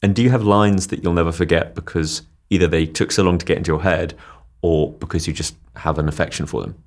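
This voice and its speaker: Deep-voiced playful male radio host. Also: steady tone. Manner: playful, quick banter. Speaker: radio film critic host. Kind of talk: radio interview.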